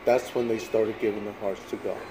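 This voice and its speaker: A man's voice: lowish voice, flat delivery, brisk, noisy background. A man in his sixties telling a faith testimony in a casual, plain-spoken way, often tagging his sentences with "man" and "like". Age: 60s. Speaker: guest sharing a ministry testimony.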